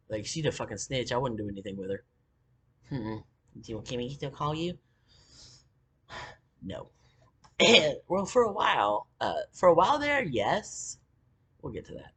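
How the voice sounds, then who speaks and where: A woman's voice: a bass voice, fairly bright tone, breathy edge. A woman vlogger telling a long personal story in a heated, profane, rambling way.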